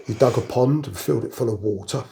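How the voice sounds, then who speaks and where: A man's voice: medium pitch, quick pace, vocal fry, warm tone. An older man from England, a retired army veteran, telling rambling anecdotes in a casual interview. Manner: rambling anecdotal storyteller, chuckles through jokes.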